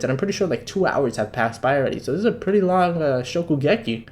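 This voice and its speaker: A young man streaming a live read-along of a manga, excitable and slangy, jumping between loud outbursts and quiet muttering. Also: on the high side, quick pace, slight background noise.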